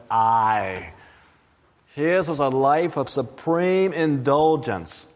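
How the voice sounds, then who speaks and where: A man preaching a sermon, reading scripture aloud in a slow and deliberate way. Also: a little high, big-room sound.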